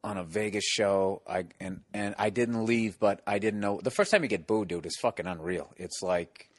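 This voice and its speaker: A man's voice: fairly low pitch, moderate pace, no echo. A man hosting a podcast, telling stories in casual, profane chat and acting out the people in them. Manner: profane, animated, acts out voices in stories. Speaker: podcast host.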